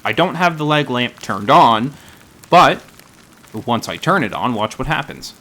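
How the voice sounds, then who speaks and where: A man's voice: medium pitch, expressive, measured pace, sharp tone, a little hiss or hum. A man giving casual, rambling gameplay commentary, self-deprecating and full of dad jokes. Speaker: gaming YouTuber.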